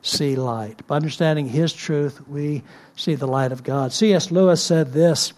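A man delivers a sermon in an easygoing, explanatory way. His voice sits a touch higher than most men's. He often pauses on fillers and restarts his sentences as he thinks aloud. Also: fairly even intonation, darkish tone. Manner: conversational with frequent fillers and restarts. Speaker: preacher.

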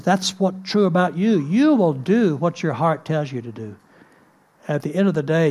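A man giving a sermon in a conversational way, with many fillers and restarts. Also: on the high side. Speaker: preacher.

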